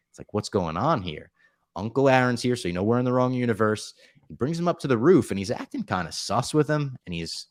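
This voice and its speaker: Podcast host, male, very low voice, close dry mic, rambling animated recapper who swears casually. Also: no echo. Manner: rambling, animated retelling with profanity. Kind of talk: casual movie recap chat.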